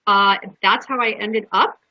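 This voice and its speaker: A woman's voice: mid-range voice, steady tone, measured pace, no echo. A woman guest on a podcast, earnestly telling a personal story in a heartfelt way, with restarts. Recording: dull lo-fi podcast audio.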